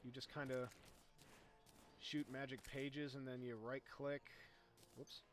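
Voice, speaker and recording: A man giving casual, chatty commentary over his own game, explaining as he plays and getting excited when the fight turns close. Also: mid-range voice, slow pace. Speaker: gaming YouTuber.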